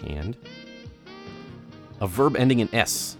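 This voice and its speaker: A man's voice: on the low side, very animated, slow pace, faint music behind. A man co-hosting a podcast, teasing and playful, laughing often as he runs a word game. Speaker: podcast co-host. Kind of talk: casual chat and mock-sultry reading.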